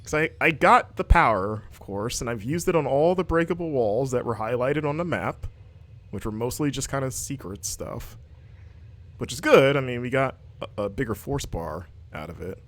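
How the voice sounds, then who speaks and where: A man hosting a game livestream, chatting casually and joking while narrating his own play. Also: medium pitch. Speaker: game-playing host. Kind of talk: casual livestream gameplay commentary.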